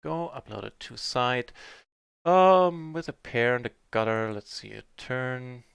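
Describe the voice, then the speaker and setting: A man streaming live poker, chatting through his hands in a mutter that breaks into excited shouts on big wins. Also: medium pitch, a little slow, vocal fry, clean tone, no echo, studio quality.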